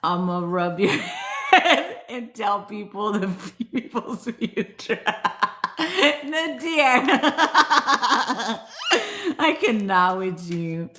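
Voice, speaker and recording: A woman's voice: medium pitch, big pitch swings, very slow, long pauses, fairly bright tone. A young woman chatting casually with her viewers, playful, swearing freely and laughing often. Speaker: vlogger reading cards and chatting with viewers. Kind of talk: casual chat.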